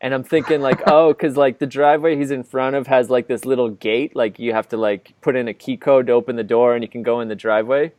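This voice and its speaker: A man tells a long story on a casual podcast, rambling and leaning on "like" in nearly every phrase. His voice sits at a middling pitch. The recording is dry and close, with no room echo. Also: steady tone, fast talker, hardly any pauses, darkish tone. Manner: rambling, filler-heavy, full of "like". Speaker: podcast co-host. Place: living abroad in Ireland, recording indoors.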